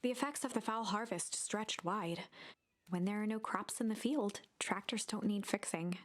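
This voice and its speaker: A woman reading game narration aloud in a measured storybook manner. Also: mid-range voice.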